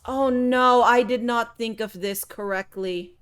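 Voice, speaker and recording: A woman commentates a live game stream in a high, bright-pitched voice. She speaks at a slow, drawn-out pace. Her manner is melodramatic, and she addresses her viewers as friends. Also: smooth. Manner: melodramatic, talks to chat as friends.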